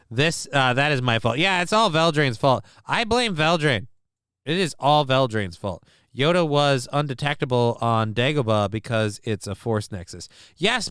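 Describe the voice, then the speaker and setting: A man's voice: mid-range voice, a bit bright, clear, resonant tone, dry recording, studio quality. A man hosting a live stream, chatting casually with his chat in a rambling, sweary, self-mocking way. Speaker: streamer host.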